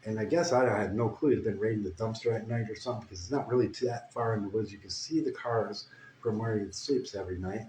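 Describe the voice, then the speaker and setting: A man's voice: fairly low pitch, fast talker. Rambling crude storyteller man, echoey room. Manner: crude, meandering, deadpan asides. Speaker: comedic storyteller. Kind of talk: rambling improvised comic story. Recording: echoey room with faint ambient noise. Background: guitar playing.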